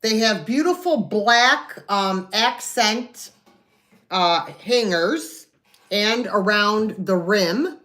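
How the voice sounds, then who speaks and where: A woman's voice: mid-range voice, expressive, extremely slow, fairly bright tone. A woman hosting a live online sale, chatting in a folksy way, describing items and counting down sales. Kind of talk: live selling stream.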